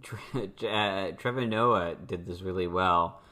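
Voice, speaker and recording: A young man with a fairly low voice co-hosts a casual political chat. His humor is dry, and he tells stories in an amused, easygoing way. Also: slow pace, sharp tone. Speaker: podcast co-host.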